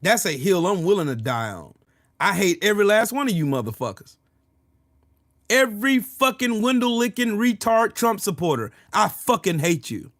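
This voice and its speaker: Heated and profane, a man rants repetitively about politics on his livestream and answers comments from chat. His voice sits high and is a bit bright, with big pitch swings at a normal pace, recorded dry in studio quality.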